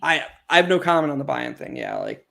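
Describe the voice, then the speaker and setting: This man co-hosts a casual sports chat and rambles haltingly, stumbling through fillers and false starts. His voice is fairly high and very lively in pitch. It also has a gravelly, creaky edge. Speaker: co-host.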